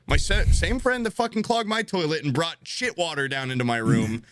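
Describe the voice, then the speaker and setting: A man's voice: on the high side, brisk, a bit bright, a little hiss or hum. A young man telling a funny story on a podcast, laughing often and swearing as he talks. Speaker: podcast co-host. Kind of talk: casual comedic storytelling.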